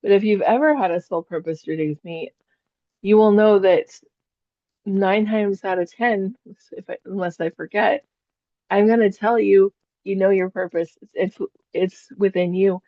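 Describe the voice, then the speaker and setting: A woman's voice: mid-range voice, moderate pace, no echo, muffled recording. A woman psychic teaching a spiritual class in a chatty storytelling way, laughing often.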